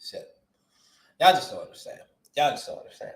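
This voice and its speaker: A man hosting a movie news vlog, ranting with lots of swearing and swinging from shouting to muttering. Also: medium pitch, big pitch swings, a little fast, reverberant. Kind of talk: animated solo movie-news rant.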